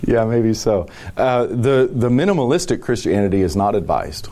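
A man's voice: mid-range voice, animated, moderate pace, few pauses, mellow. A man, a pastor giving long, thoughtful answers in a casual podcast chat, with frequent chuckles. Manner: thoughtful, rambling, chuckling often.

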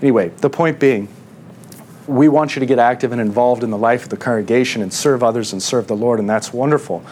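A man's voice: medium pitch, fast, darkish tone, a little hiss or hum. A male pastor giving a sermon in a conversational way, often checking in with the congregation with questions.

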